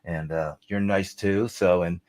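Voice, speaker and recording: Man, deep voice, middle-aged, rambling storyteller, casual interview guest. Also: steady tone, unhurried, a little mellow. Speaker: songwriter guest.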